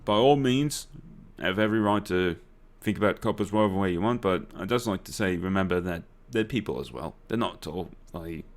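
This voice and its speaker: A man's voice: low voice, brisk, few pauses. A young man with an Australian accent, telling rambling, swear-filled anecdotes while playing a video game. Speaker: gaming YouTuber. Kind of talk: casual let's play storytelling.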